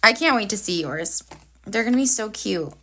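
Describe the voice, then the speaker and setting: A woman's voice: mid-range voice, animated, moderate pace, sharp tone. A woman hosting a live planner session, chatting casually and cheerfully with viewers while she draws. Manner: chatty, upbeat, talks to viewers while working. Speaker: planner livestream host.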